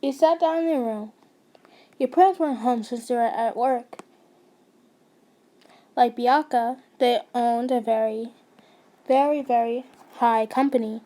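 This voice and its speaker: A woman's voice: a little high, measured pace, pauses often, mellow. A young woman narrating a fan fiction story casually, stumbling and restarting, with chatty asides to her listeners.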